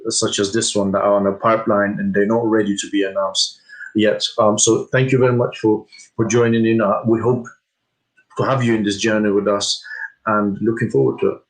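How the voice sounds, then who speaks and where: A man co-hosting a casual fan discussion, speaking in a measured and mildly frustrated way. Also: lowish voice, flat delivery, low-quality recording. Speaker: co-host.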